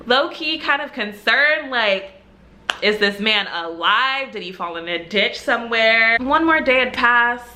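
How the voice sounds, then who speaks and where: A woman's voice: a little high, slight background noise. Chatty young woman telling a story. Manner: chatty, animated, full of "like", laughs while telling. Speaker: storytime vlogger. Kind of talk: casual storytelling.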